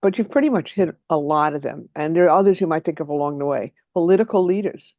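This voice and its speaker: A trainer giving an online workshop, talking quickly and keeping the audience involved by asking them for answers. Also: mid-range voice, no echo. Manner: lively, quick and engaging, invites answers from the audience.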